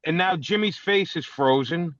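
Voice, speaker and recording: A man's voice: fairly high pitch, normal speed, over a noisy crowd. A middle-aged man, telling blunt, profane stories in a casual chat over a video call. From New York City. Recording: dull, dry, lo-fi video call audio.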